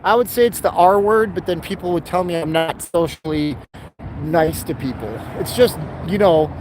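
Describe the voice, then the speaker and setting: Male vlogger, rambling and sarcastic, walking along roads with phone mic; clear traffic noise behind. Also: fairly high pitch, normal speed, a little mellow. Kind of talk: casual live-stream walking vlog. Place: outdoors along busy roads. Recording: outdoor street with traffic noise.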